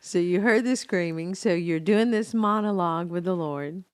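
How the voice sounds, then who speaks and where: A woman's voice: on the low side, normal speed, clean tone. A woman hosting an interview conversation, summarizing and prompting her guests. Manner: brief affirming interjections, summarizing. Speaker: host.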